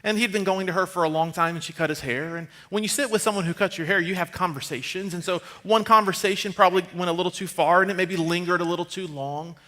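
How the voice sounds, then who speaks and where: Pastor guy in his 30s telling stories in a sermon, kinda high bright voice, chatty and animated. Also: fast, few pauses. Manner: conversational, animated storytelling, drops to a hushed tone for serious moments. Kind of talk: storytelling sermon. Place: church stage.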